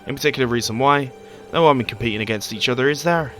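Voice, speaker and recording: Brief: man doing a chatty merchant dad with a folksy Scottish-style lilt, bright tone, faint music behind. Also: medium pitch, fast talker, natural voice. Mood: friendly. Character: chatty middle-aged male market merchant, a father.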